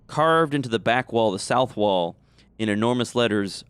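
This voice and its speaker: A man running a tabletop game as game master, narrating scenes and calling for rolls in an easygoing, relaxed way. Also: medium pitch, normal speed, smooth, no echo.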